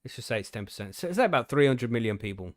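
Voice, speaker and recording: Laid-back male co-host, mid pitch, dry close sound, casual swearing. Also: big pitch swings, very fast, dry recording. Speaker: podcast co-host. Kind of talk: casual chat, reading news aloud.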